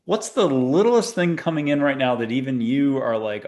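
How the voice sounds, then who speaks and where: A man's voice: medium pitch, sing-song, normal speed, a little mellow. A man hosting a spiritual talk show, chatting playfully and rambling as he leads listeners through a guided exercise. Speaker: podcast host. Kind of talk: casual guided meditation chat.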